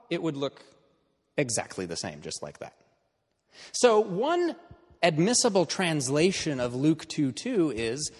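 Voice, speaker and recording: A man's voice: a little high, wildly swooping pitch, a little slow, long pauses, breathy edge, in a large hall. A man teaching an in-person class in a conversational lecture style, checking in with his students as he explains.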